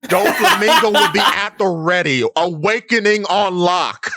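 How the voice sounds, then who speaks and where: A man co-hosting a podcast in casual chat, animated, often acting out characters' lines. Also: sits high, a little slow, background noise. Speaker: podcast co-host. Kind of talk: casual chat about anime.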